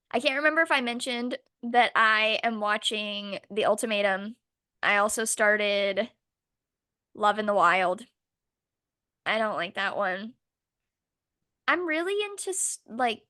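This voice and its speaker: Sarcastic young woman ranting on a podcast. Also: on the high side. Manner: sarcastic, animated ranting with swearing. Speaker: podcast co-host. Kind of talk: casual chat.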